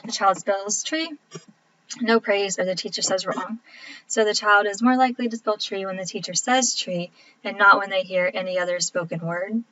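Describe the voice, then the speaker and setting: A woman's voice: medium pitch, steady tone, moderate pace, sharp tone. Woman lecturing casually, slightly dull audio. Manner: casual, explanatory, frequent ums. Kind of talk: recorded lecture. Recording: dull lo-fi recording with faint background noise.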